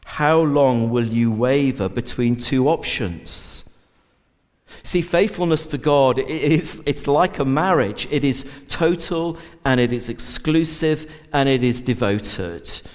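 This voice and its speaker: Slow preaching man in a reverberant hall. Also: medium pitch. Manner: earnest, many uh fillers and repeated words. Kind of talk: sermon. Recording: long church reverb.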